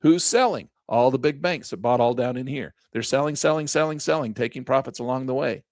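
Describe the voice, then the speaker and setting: A man's voice: mid-range voice, no room sound. Folksy guy walking through charts, chants words over and over, dry sound. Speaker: trading instructor. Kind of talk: casual chart walkthrough lesson.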